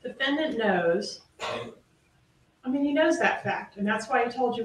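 A woman's voice: a little high, animated, unhurried, pauses often. A woman prosecutor delivering a closing argument, making pointed, emphatic points and firing rhetorical questions. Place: courtroom. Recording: echoey, distant courtroom audio with faint noise.

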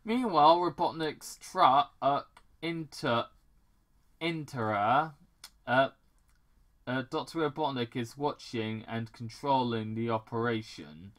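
A man's voice: medium pitch, fairly bright tone. A man casually reading a fan story aloud and adding his own comments, often stumbling and restarting over words. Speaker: reader of fan fiction.

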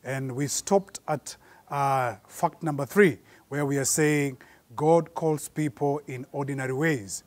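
A man preaching a sermon, slowing down and rising in force to repeat his points. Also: medium pitch, darkish tone, no room sound. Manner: measured preaching, slows and rises for emphasis.

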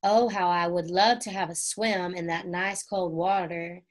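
A woman voicing Henry, a cheerful older boy telling his siblings about his day, with a bright storybook lift on excited words. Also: fairly low pitch, unhurried, close to an everyday voice. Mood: friendly. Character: eager older boy, the kind big brother.

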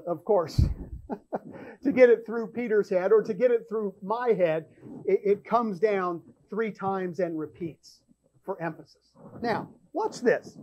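A man's voice: sits high, a little mellow, dull audio. A man hosting a church show, teaching from the Bible in an emphatic way, often repeating words as he thinks aloud.

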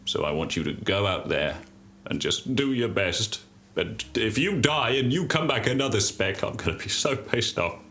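A man voicing a stern widowed mother with a husky, masculine voice who disapproves and scolds. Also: on the low side, expressive, moderate pace, pushed and bright, a little hiss or hum. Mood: scolding.

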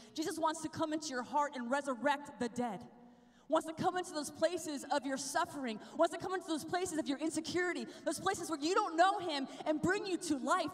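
Woman preacher, high voice, energetic and chatty, live in a big echoing hall. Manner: energetic, chatty, asks the crowd "right?" often. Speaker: speaker at a youth conference. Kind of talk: lively preaching talk. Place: large conference hall with a live crowd.

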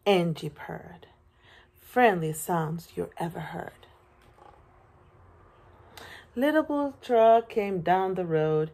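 A woman teacher reads a children's picture book aloud from home. She takes it slowly and expressively, with playful animal and truck sounds. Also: deep voice, warm tone. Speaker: preschool teacher.

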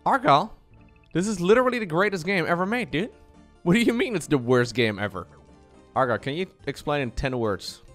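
Lively joking man streaming. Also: a little fast, faint music behind. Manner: joking, animated, with playful high-pitched squeals. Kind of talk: casual live-stream chat.

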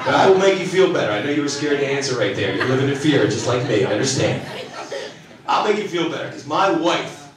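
Talking fast with big swings in pitch, this middle-aged comedian works a theater stage live in a mid-range voice. His banter is self-deprecating and he pokes fun at the audience, while the distant, echoey recording picks up a laughing crowd.

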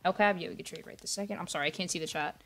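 A man's voice: high-pitched, rapid-fire. A young man livestreaming a game, chatting with viewers in a rambling, distracted way and often apologizing, sometimes keeping his voice down. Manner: talks quietly at times to keep noise down. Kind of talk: casual gaming livestream chat.

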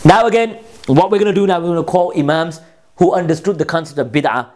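A man's voice: on the high side, fast, a little mellow. A man delivers a combative commentary, speaking straight to his opponents and scolding them. He keeps repeating key phrases to drive his points home. His voice sits a little above the usual male range. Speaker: presenter of a commentary video. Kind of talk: polemical commentary on quoted texts.

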